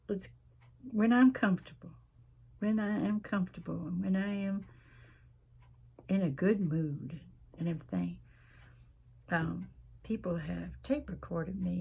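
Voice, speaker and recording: A woman's voice: fairly low pitch, a little slow, vocal fry, long pauses, dark tone, slightly rough. A middle-aged woman, chatting folksily to viewers as she crafts at home and rambling between stories. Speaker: craft vlogger.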